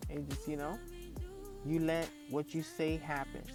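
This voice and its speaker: A vlogger in his early thirties tells a heated, profanity-filled story to camera, repeating himself as he rants casually. His voice is fairly high but level in tone, and he keeps a measured pace while faint music runs in the background.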